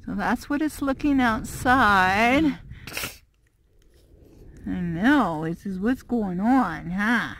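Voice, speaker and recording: A woman's voice: mid-range voice, very slow, pauses often, fairly bright tone, a little hiss or hum. A woman vlogging from inside her van, chatting casually with frequent fillers and little laughs. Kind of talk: casual vlog chat.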